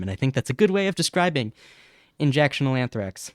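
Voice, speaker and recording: A man's voice: medium pitch, big pitch swings, a little fast, no echo, studio quality. A man hosting a casual educational livestream on bacteria, chatting, reading chat messages, laughing and stumbling over terms. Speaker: science streamer.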